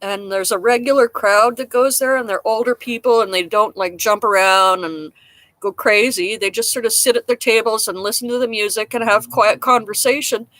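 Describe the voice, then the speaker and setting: A woman's voice: on the high side, fairly even intonation, moderate pace, a bit bright, dry recording. A woman hosting a casual live-stream chat outdoors in a damp garden, talking frankly and rambling, mocking herself with frequent chuckles and the odd cough. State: coughing now and then. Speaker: livestream host chatting with viewers.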